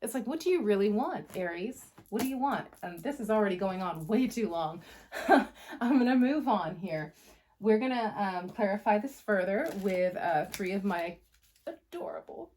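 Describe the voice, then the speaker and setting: A woman giving a casual tarot reading to camera, blunt and passionate, swearing freely and talking in quick bursts. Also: medium pitch, a little mellow, slight background noise. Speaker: tarot reader.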